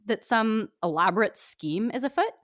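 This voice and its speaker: A hesitant young girl singer, as a woman storyteller plays her, speaking in high, questioning tones. She sounds unsure of herself, in a storybook reading. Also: animated, moderate pace, fairly bright tone.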